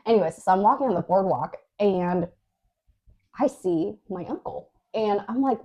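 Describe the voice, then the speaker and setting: Woman podcast co-host, casual storytelling, husky, mellow tone. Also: medium pitch, animated, normal speed. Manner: recounts a dream in a chatty way, full of "like" and fillers.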